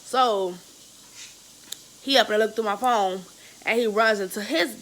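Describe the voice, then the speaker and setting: A young woman vlogger telling a story in a casual, animated, slangy and profane way. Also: mid-range voice, normal speed, pauses often, a little hiss or hum, poor audio.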